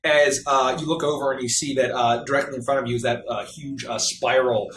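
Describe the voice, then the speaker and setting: A man's voice: medium pitch, steady tone, fairly quick, a bit bright. Man narrating a tabletop game, roomy sound. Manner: meandering, descriptive, good-humored. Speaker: game master. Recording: roomy echo, faint noise.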